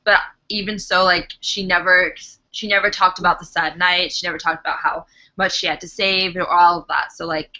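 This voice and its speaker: A woman's voice: on the low side, fairly even intonation, normal speed, bright, forceful tone. A young woman co-hosting a casual live chat, bubbly and giggly as she reads out viewer questions. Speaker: co-host. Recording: dull lo-fi webcam audio.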